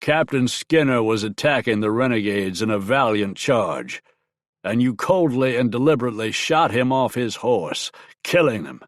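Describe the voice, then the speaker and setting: A man voicing a stern, scheming army colonel in an audiobook, with a sharp, strident, clipped delivery. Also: medium pitch, lively intonation, no room sound, studio quality, close to an everyday voice. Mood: cold. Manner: cold, clipped, deliberate. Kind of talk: audiobook character voice.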